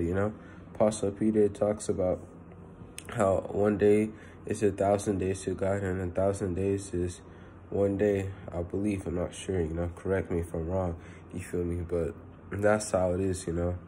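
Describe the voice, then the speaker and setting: Low, flat-voiced young man preaching. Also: normal speed, a little hiss or hum. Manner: rambling, lots of fillers like "you know"; earnest and personal. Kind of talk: casual spoken sermon.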